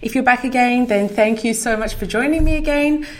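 A woman's voice: on the high side, fairly quick. A middle-aged woman hosting her own podcast, talking casually and enthusiastically as a marketing coach. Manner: upbeat, chatty, enthusiastic. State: out of breath. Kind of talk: casual solo podcast talk.

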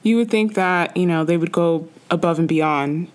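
A woman's voice: on the low side, moderate pace. A woman co-hosting a podcast in casual chat, supportive, mostly giving short agreeing replies. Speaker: podcast co-host.

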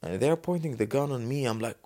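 A man from Dubai hosting a solo podcast, talking off the cuff in a casual, animated way and acting out the voices in his stories. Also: medium pitch, fairly quick. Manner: casual, animated storytelling, acts out quotes. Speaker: podcast host. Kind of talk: unscripted solo podcast talk.

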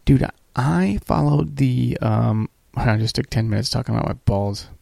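Male podcast co-host, gravelly voice, loose, profane storyteller. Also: medium pitch, normal speed, warm tone, dry recording. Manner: rambling, profane, acts out quoted people. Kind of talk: casual crude chat.

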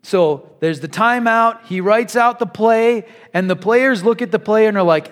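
A man preaching a sermon, telling stories in a conversational, animated way. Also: sits high, a little slow, hardly any pauses, big-room sound. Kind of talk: sermon with storytelling.

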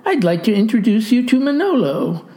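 A woman voicing a gentle adult male director in a storybook read-aloud, raising her pitch a little. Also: big pitch swings, normal speed.

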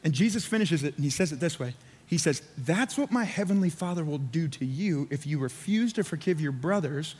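A man's voice: a little high, expressive, fairly quick, a little mellow, husky. A man preaching a sermon as pastor, casual and conversational, with lots of "like" and acted-out voices for the people in the story. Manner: conversational, filler-heavy preaching with acted-out quotes. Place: church sanctuary. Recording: church hall reverb.

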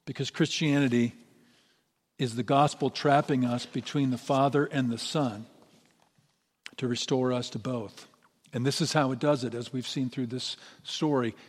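A middle-aged pastor preaches a sermon with a medium-pitched voice, fairly even intonation and a moderate pace. He's earnest and builds to emphatic peaks, with the long reverb of a large hall behind him.

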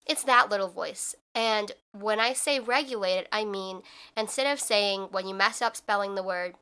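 A woman's voice: mid-range voice, moderate pace, sharp tone, clear, resonant tone. A young woman hosting her own podcast, talking in a chatty, reflective way with lots of fillers. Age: young adult. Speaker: podcast host. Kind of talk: casual solo podcast talk.

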